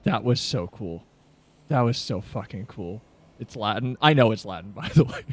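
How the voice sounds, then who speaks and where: A man's voice: mid-range voice, moderate pace, a little mellow, a little hiss or hum. A man streaming a game, reacting casually, joking, laughing and swearing.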